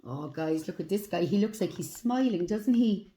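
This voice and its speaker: A woman leading a circle time lesson for young children, talking in an animated, sing-song way. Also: medium pitch, moderate pace. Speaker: preschool teacher.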